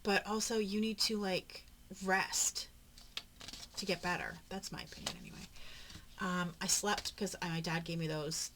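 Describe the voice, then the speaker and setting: A woman with a lowish voice chats casually as she flips through a handmade journal for her craft channel. She rambles from one story to the next and often drops into soft murmured asides. A faint hiss sits under her voice. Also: steady tone, moderate pace. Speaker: papercraft vlogger. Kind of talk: casual chatty narration during a journal flip-through.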